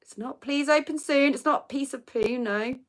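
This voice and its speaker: A woman's voice: high-pitched, normal speed. A woman, hosting a casual live quiz chat and reading out viewer comments with frequent laughter. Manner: chatty, giggly, reads out viewer comments. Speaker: livestream host.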